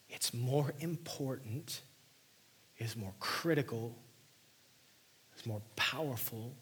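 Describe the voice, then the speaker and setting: A man preaching a sermon, reading scripture and explaining it, sometimes dropping to a hushed near-whisper for emphasis. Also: mid-range voice, slight background noise. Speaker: pastor.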